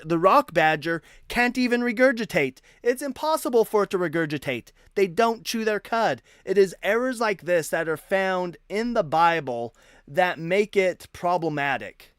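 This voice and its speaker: A man's voice: sits high, fairly bright tone, clean tone, no room sound, studio quality. A man hosting a live debate stream, talking casually and animatedly, often repeating and restarting words. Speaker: livestream debate host.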